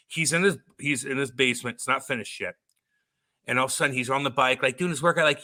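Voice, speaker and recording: A man's voice: medium pitch, fairly even intonation, fast talker, sharp tone. A man co-hosting a podcast, telling stories in a blunt, profane, casual way. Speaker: podcast co-host. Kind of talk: casual chat.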